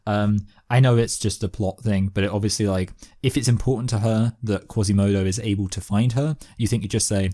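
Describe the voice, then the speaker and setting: A man co-hosting a casual movie review podcast, tossing off dry deadpan jokes. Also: fairly low pitch, normal speed. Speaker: podcast co-host.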